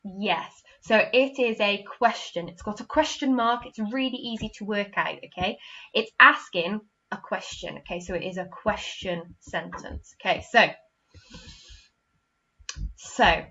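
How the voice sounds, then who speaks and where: Teacher lady, bright clear voice, keeps saying okay, slightly dull recording. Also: medium pitch, unhurried. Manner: patient, repeats "okay?" after each point; acts out example sentences with big expression. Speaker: primary school teacher. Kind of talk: online literacy lesson.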